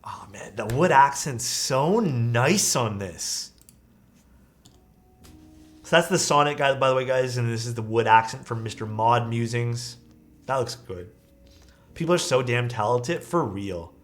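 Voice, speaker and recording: A man's voice: mid-range voice, expressive, unhurried, pauses often, fairly bright tone. A man casually commenting on viewers' keyboard photos during a live stream, easygoing and full of praise. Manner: enthusiastic, easygoing, lots of praise.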